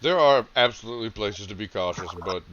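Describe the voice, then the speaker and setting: A man's voice: fairly low pitch, animated, fairly quick, a crowd in the background. A man playing a tabletop game over a video call, talking casually and decisively. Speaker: player. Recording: dull lo-fi call audio.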